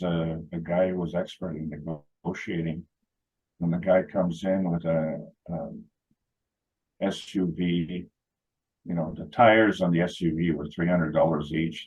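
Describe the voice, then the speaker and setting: Husky, low-voiced man telling rambling anecdotes. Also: warm tone, highs cut off. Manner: rambling, anecdotal, many "you know" fillers; acts out quoted dialogue in funny voices. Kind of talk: casual chat.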